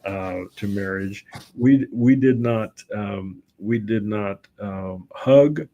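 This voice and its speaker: A middle-aged man, a guest on a talk show, telling lively anecdotes in a relaxed conversational way and often quoting himself. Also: lowish voice, takes it slowly, muffled recording. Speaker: guest, voice-over and public speaking teacher. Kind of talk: casual conversational storytelling.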